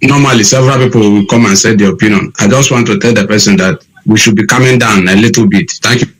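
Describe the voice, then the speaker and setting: A man's voice: on the low side, quick pace, breathy edge, poor audio. A man calling into a radio show, speaking hesitantly and conciliatorily. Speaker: caller.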